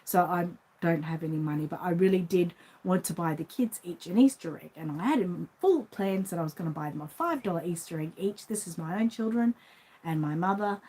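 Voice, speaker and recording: A woman's voice: on the low side, fairly quick, warm tone, slightly rough, rough recording. A middle-aged Australian woman who runs a doll shop, telling a rambling everyday story in a casual vlog and acting out the voices in it. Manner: chatty, rambling, acts out the voices in her anecdotes. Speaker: reborn doll shop owner.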